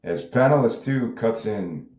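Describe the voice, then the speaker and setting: A man's voice: on the low side, lively intonation, measured pace, darkish tone. Casual man reading a script aloud. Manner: casual, laughing asides. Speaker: script reader. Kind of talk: casual table read narration. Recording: roomy echo.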